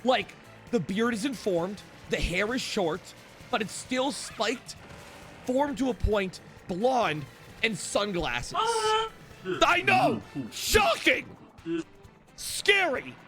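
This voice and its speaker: A man's voice: high voice, expressive, takes it slowly, a bit bright, faint music behind. A young man streaming, telling a rambling story to his chat with lots of "like" and restarts.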